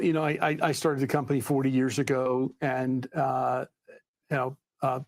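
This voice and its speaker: An older man, a company founder, answering an interviewer's question hesitantly with many fillers. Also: medium pitch. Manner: hesitant, many uhs and you-knows.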